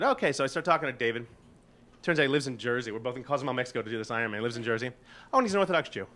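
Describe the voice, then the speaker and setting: A man in his forties telling a funny personal story, animated and profane, often laughing. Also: medium pitch, rapid-fire. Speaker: guest storyteller.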